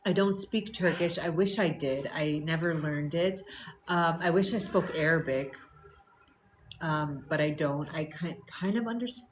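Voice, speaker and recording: A woman's voice: sits low, unhurried, slight background noise. A woman, chatting casually and rambling during a wellness livestream at home. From born in Canada, raised in the US. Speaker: wellness live streamer. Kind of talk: casual chat.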